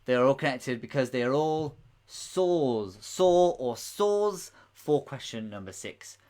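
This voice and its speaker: A man's voice: medium pitch, lively intonation, slow, a little mellow. Giggly man hosting a quiz. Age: late 20s. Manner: jokey, giggly, rambling asides. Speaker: quiz host. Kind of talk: live-streamed quiz answers. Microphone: microphone close to the mouth.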